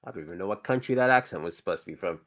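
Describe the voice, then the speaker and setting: A male podcast host with a fairly low voice. He chats in a relaxed, rambling way, thinking aloud as he goes. His delivery stays casual and unhurried. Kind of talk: casual chat about toys and films.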